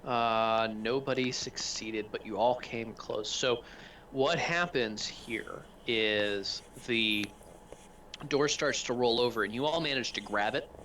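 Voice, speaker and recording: A man acting as game master for a tabletop game, talking over a gaming headset in a relaxed way, explaining things step by step. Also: medium pitch, takes it slowly, slight background noise.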